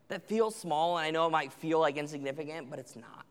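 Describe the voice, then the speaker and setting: A man's voice: on the high side, fairly quick, few pauses, smooth. A young man giving a conversational sermon to teenagers, acting out what parents and kids say. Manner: conversational, acts out parent and teen quotes. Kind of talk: sermon to teens. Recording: long hall reverb.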